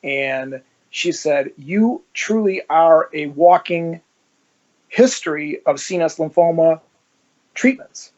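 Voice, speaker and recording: Slow and fairly high-pitched, a former police officer from Ohio in the United States narrates his story during an interview, acting out quoted exchanges with animation. The audio is dull.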